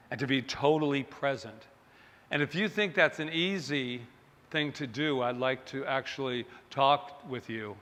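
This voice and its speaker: Bright-voiced male minister preaching. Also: medium pitch. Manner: conversational and self-deprecating, talks straight to the congregation. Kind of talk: sermon. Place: church sanctuary. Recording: long hall reverb.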